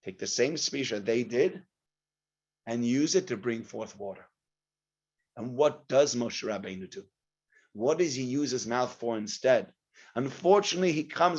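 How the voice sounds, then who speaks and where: A man, a rabbi, giving a Torah class, acting out voices with sudden loud outbursts and dropping low and soft in serious parts. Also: expressive, moderate pace. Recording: dull lo-fi recording.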